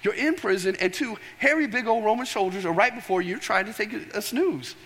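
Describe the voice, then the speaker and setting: A high-voiced man preaching with animated storytelling, often pausing to throw questions to the congregation. His voice carries a long reverberant tail from a large church hall. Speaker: pastor. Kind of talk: sermon.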